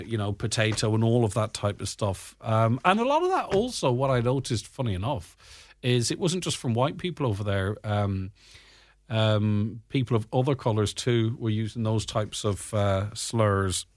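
A man's voice: lowish voice, animated, moderate pace, no room sound, clean studio sound. An Irish man with a slight English twang, reading news stories and adding his own remarks in a casual, conversational way with frequent fillers. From Ireland. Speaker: radio host reading the papers. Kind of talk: casual news chat with commentary.

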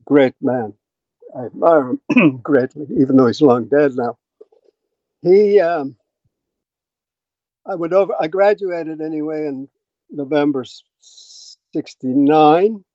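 An Irish man in his eighties, a retired scientist telling stories in a rambling, anecdotal way, often clearing his throat. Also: a little high, dark tone, no echo, muffled recording. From Ireland. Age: 80s. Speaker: guest scientist. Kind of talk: relaxed storytelling.

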